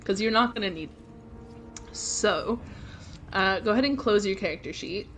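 A woman's voice: mid-range voice, measured pace, a bit bright. A woman from California with an American accent, guiding a friend through a video game on stream. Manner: helpful, giving step-by-step directions. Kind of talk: casual game stream chat.

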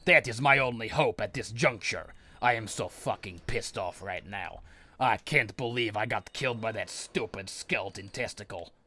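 Male gamer, bright tone, ranting and cursing through his commentary. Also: fairly low pitch, a little hiss or hum. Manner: angry, profane, ranting. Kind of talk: let's play commentary.

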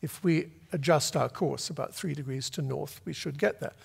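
An older man from Britain, an author telling a long, lively anecdote to a festival audience and acting out the voices he quotes. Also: on the high side, normal speed, creaky, husky, in a large hall. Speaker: author guest. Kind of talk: storytelling at a festival talk. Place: festival venue before an audience.

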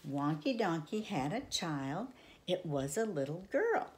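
Slow, lively-voiced older woman storyteller. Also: low voice. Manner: playful sing-song reading with sudden soft whispers. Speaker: children's storyteller. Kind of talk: reading a picture book aloud to children.

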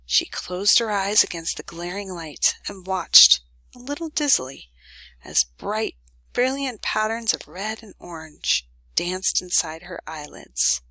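A woman reads a children's novel aloud, gentle and even in her storytelling. Her voice is bright and crisp, and the close recording is completely dry. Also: medium pitch, measured pace, no echo, poor audio. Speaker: reader.

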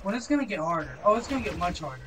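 A man's voice: high-pitched, very animated, racing, bright, forceful tone, slight background noise. A young man giving casual gameplay commentary, swearing and grumbling in frustration. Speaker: gaming video creator. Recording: game music playing behind.

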